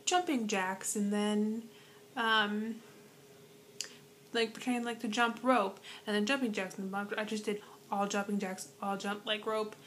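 A young woman vlogging casually from her bedroom into an iPad, rambling with lots of "like" and soft whispered asides. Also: medium pitch, level tone, a little slow, slight background noise. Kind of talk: casual chat to camera. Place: bedroom at home. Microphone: iPad propped on bed.

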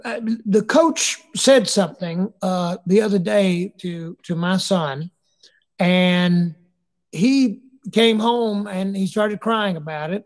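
High-voiced bishop in an echoey hall. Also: male voice. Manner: earnest, anecdotal preacher's way of talking. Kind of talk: speaking at a church community forum. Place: church hall. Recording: long echo of a large hall.

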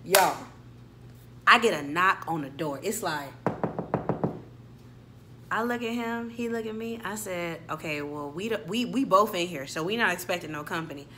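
A woman's voice: lowish voice, lively intonation, normal speed, long pauses, background noise. A young adult woman, telling a dramatic story and acting out every character. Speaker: storyteller vlogger. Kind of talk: storytime vlog.

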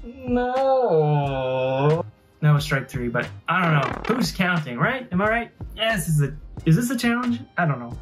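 A woman's voice: lowish voice, big pitch swings, a little slow, faint music behind. A woman hosting a reaction video, casually commenting on funny clips with exclamations and chatty asides.

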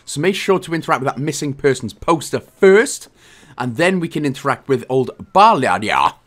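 A man's voice: mid-range voice, very animated, normal speed, fairly bright tone. A man from Wales giving a casual, jokey game walkthrough, chatty and often correcting himself. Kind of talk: casual gameplay commentary.

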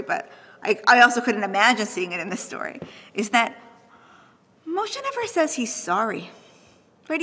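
A young adult woman lecturing on texts, thoughtful and animated, often checking in with "right?". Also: fairly high pitch, slightly rough, long reverb tail.

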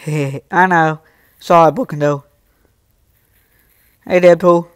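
A young man live streams in casual talk, reading and answering his chat, scolding some viewers while joking with others. His voice is on the high side, steady, slow and smooth, captured in a dry, studio-quality recording.

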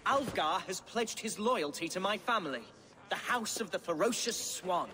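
A pompous young lord. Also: male voice, high voice, animated, moderate pace, bright, forceful tone. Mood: grandiose. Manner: pompous and theatrical. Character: boastful flowery young male lord.

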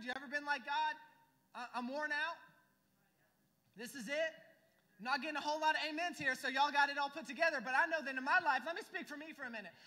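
A man's voice: very high voice, bright, forceful tone. A young adult man preaching a sermon as pastor, emphatic and full of rhetorical questions to the congregation. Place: church sanctuary. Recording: church hall reverb.

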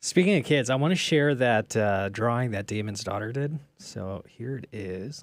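A playful man co-hosting a talk radio show, joking around in casual studio banter. His voice is gravelly, with a lively, swooping pitch, and the studio mic sounds close and dry. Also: moderate pace, few pauses, dry recording. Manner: playful, jokey, bursts into high-pitched laughs. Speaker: radio co-host.

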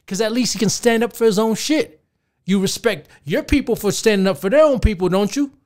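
High-voiced man ranting on a podcast. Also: a little fast. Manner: profane, animated, talks straight to listeners. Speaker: podcast host. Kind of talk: casual ranting commentary.

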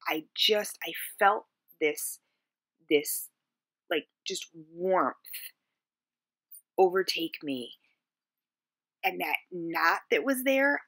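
With a voice on the low side, a woman vlogger recounts something personal to camera, pausing to find words and filling gaps often. She stays quiet and subdued, occasionally fading toward a whisper.

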